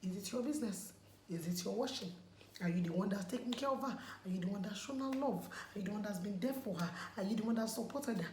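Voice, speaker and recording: While taking off her makeup, a Nigerian woman vlogs in a casual chat, repeating words for emphasis in an emphatic, pleading manner. Her voice is mid-range and a little mellow, and she talks fast. The recording comes from an echoey room with faint background noise.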